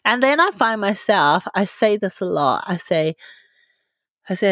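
Slow, candid mom podcaster. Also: female voice, mid-range voice, lively intonation, a bit bright, dry recording. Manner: candid and confiding, laughs often, self-deprecating. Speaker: podcast host. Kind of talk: reflective solo podcast talk.

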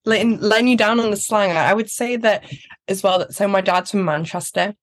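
Young woman, mild geordie accent, mid pitch, friendly and laughing a lot as a podcast guest. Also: fairly even intonation, fairly quick. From Newcastle, England. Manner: friendly, laughs easily, acts out quoted voices. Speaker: pageant finalist guest. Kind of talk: casual interview chat.

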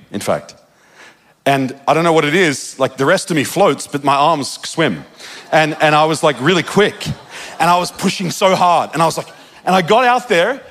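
An Australian man with an Australian accent and a slightly high, somewhat bright voice preaches a sermon. He tells a personal story full of quick asides, laughing at himself.

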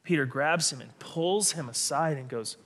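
A man delivering a sermon as pastor, preaching in an animated, dramatic way with sudden emphatic bursts. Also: on the high side, moderate pace.

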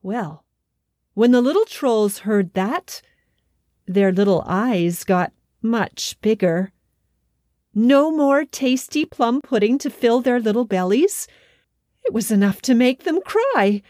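Slow expressive woman storyteller. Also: fairly high pitch, no room sound, studio quality. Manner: gentle, expressive, folksy asides. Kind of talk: storybook narration.

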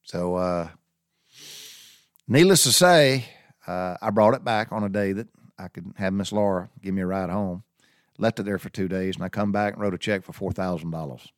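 Guy telling a long story to his viewers, low voice, dry sound, folksy. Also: moderate pace, dry recording. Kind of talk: casual anecdote told to viewers.

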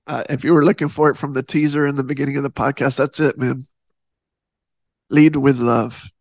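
Earnest rambling man, gravelly. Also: medium pitch, level tone, fast talker, no room sound. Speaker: podcast host. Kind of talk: casual faith podcast talk.

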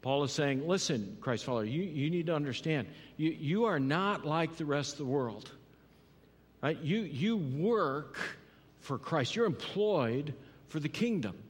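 A man delivers a sermon with earnest conviction, his voice a touch higher than most men's. He repeats key phrases and keeps asking his listeners "right?" as he presses each point home. The sound carries a long reverb, as if it fills a large church hall. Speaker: pastor.

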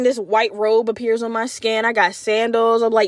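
A woman in her twenties hosting a casual solo podcast, telling comedic, profane stories with an animated delivery and lots of "like.". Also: fairly high pitch, fairly quick, few pauses, dry recording, clean studio sound. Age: 20s. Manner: frequent fillers like "like". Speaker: podcast host.

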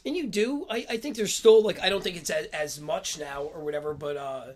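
A man's voice: fairly high pitch, brisk, darkish tone. A man answering interview questions casually, with many stuttered restarts and slangy phrasing. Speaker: podcast guest.

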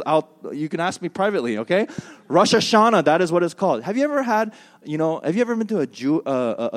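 Male pastor, fairly high and very lively delivery, humorous, conversational sermon. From United States. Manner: animated, joking, conversational preaching.

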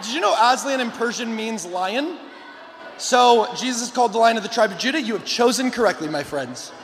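A man giving an energetic youth camp sermon to a lively crowd, shouting at times and joking between points. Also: very high voice, fairly quick. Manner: animated, shouting to a rowdy crowd, playful asides. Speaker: camp guest speaker. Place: large hall with a live audience. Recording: long hall reverb.

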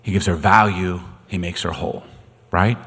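A man preaching a sermon, dramatic and swinging from quiet to loud, in a long echoey hall. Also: deep voice, fairly even intonation, moderate pace, breathy edge. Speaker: pastor.

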